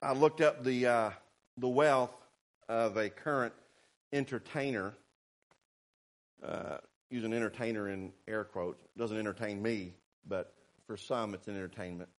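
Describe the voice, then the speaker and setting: A man preaching a sermon, fervent and swinging between shouted warnings and quiet asides. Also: lowish voice, measured pace. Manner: fervent, rising to shouts, then quiet and sarcastic.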